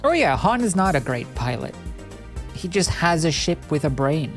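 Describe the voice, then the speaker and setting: A woman's voice: sits low, sing-song, moderate pace, faint music behind. A young woman streaming, giving casual, rambling, sarcastic commentary.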